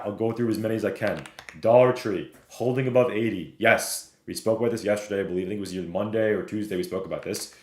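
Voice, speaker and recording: A man's voice: deep voice, darkish tone. A man streaming live, walking viewers through stock charts, reading the chat and checking in with "right?" and "okay?". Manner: fast, repeats "right?" and "okay?", reads chat aloud. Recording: roomy echo.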